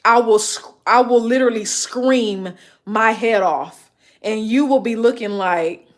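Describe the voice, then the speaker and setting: Her voice on the high side and her pace measured, a late-thirties woman rants casually to her live-stream audience. She is blunt and emphatic, repeating lists again and again to underline what she means.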